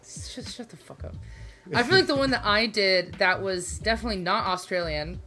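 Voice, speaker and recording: A woman's voice: mid-range voice, animated, normal speed, bright, forceful tone. A woman co-hosting a casual podcast, chatting in a giggly, playful, self-mocking way. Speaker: podcast co-host.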